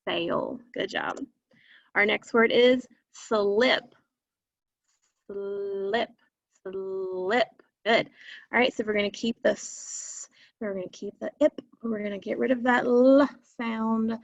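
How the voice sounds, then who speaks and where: A woman teacher walks children through a recorded phonics lesson, speaking very slowly and repeating words for them to echo. Her voice sits a little high with a gravelly edge. The sound is dry and a bit dull, like a home video recording.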